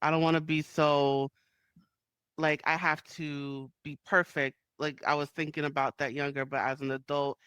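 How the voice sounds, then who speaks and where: A man's voice: on the high side, level tone, normal speed, a bit bright, smooth, no echo. A man hosting an interview who speaks openly and thinks aloud, often restarting his sentences. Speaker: host. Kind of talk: casual interview talk.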